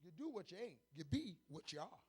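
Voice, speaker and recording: A man a charismatic sermon, swinging from hushed murmurs to shouted calls to the congregation. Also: high-pitched, sing-song, fairly quick, breathy edge. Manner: calls to the congregation, speaks in tongues. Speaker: preacher. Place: church sanctuary with congregation.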